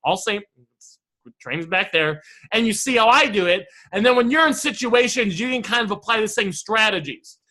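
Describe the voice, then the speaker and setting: Speaking at a normal pace, a negotiation and sales coach runs a casual online lesson in a high, animated voice with a bright, forceful tone. Brash and freely profane, he keeps talking to his audience as "guys."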